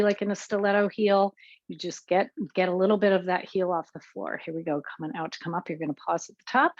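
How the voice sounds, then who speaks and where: A woman's voice: medium pitch, no echo, highs cut off. Woman cueing an exercise class. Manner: cueing moves while exercising, counting reps. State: slightly out of breath. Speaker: fitness instructor.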